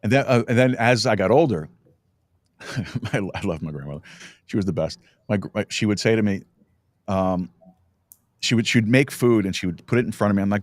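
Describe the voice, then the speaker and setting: A middle-aged man hosts a relaxed podcast chat with a fairly low voice. He tells stories in a meandering way, stumbling through restarts as he goes. The studio sound is dry and close. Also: dry recording. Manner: rambling, halting storyteller with many restarts. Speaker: podcast host. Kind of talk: casual chat.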